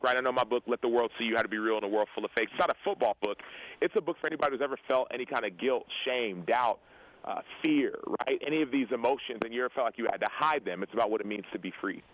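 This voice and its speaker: A young man and football player telling a personal story in an interview, earnest and animated, acting out the dialogue he quotes. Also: mid-range voice, poor audio. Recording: radio show broadcast audio.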